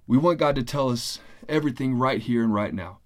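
A man's voice: mid-range voice, expressive, fairly quick. Earnest male pastor preaching conversationally. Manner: earnest, conversational, often repeats words. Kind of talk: sermon.

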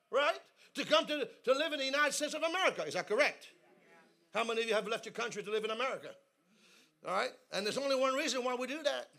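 A man preaching a sermon in a church service, telling humorous stories and leading the congregation in call-and-response that builds to shouting. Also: extremely high pitch, vocal fry. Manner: humorous storytelling asides. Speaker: guest preacher.

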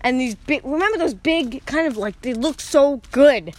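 A woman's voice: high voice, animated, normal speed. A young woman casually retelling a film to a friend, rambling and giggly with lots of fillers. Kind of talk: casual chat.

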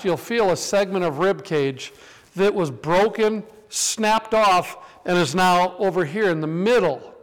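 Male preacher, high and clear-voiced, animated storyteller; sermon in a reverberant hall. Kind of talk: sermon with personal stories.

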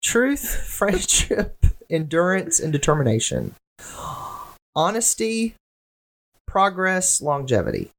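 A woman's voice: on the low side, big pitch swings, slow pace, long pauses. A woman chatting casually and reading passages aloud, stumbling over words and stopping to question them.

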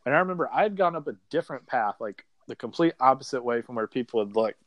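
Animated and quick, a man with a medium-pitched, fairly bright voice recounts a meandering story from his time as a contestant. The interview is casual, he fills gaps with "like," and he acts out other people's lines, all with no room sound.

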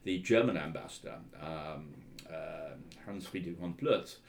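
A man with a very low voice tells stories about his work in a relaxed interview. He hesitates often, circles back with ums and restarts, and keeps a wry tone. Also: a little slow, gravelly. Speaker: historian and author. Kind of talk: anecdotal interview storytelling.

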